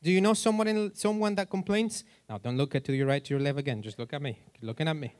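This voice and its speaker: A man's voice: on the high side, fast, darkish tone, dry recording. A male pastor preaching in a church in a loose, joking way, asking the congregation questions as he goes. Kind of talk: sermon.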